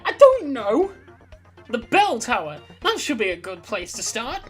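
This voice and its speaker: A woman reads aloud a story she wrote herself, in a casual and chatty way, and keeps breaking off into side comments. Her pitch is lively and moves up and down a lot. Faint music plays behind her. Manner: rambling, chatty, self-interrupting. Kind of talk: casual reading of her own story with asides.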